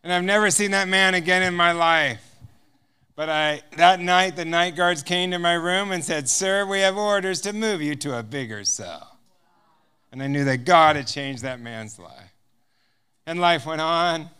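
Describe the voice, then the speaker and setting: A man's voice: a little high, unhurried, bright, forceful tone, smooth. A man speaking as a guest speaker, telling a personal testimony and acting out the dialogue with frequent chuckles. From United States. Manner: storytelling that acts out dialogue, chuckling often.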